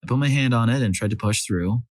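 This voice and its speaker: A man narrating a series of reader-submitted stories as a scripted storyteller, lively when he voices the quoted lines. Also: medium pitch, fast talker, no echo.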